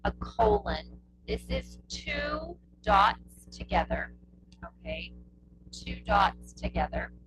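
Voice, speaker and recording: A woman teaches a test prep lesson in an unhurried, patient way. She goes over each point more than once and checks in with her listeners. Steady hum and noise sit under her voice. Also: high voice. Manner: slow, patient, repeats points with checking "okay?". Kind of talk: classroom lesson explaining punctuation.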